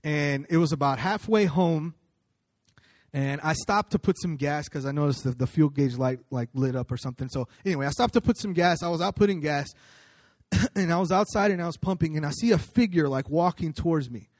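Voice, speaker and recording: A man's voice: on the high side, fairly quick, a little mellow, no echo, clean studio sound. A man preaching a sermon in a conversational storytelling way, with fillers and restarts as he recounts a personal story. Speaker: pastor.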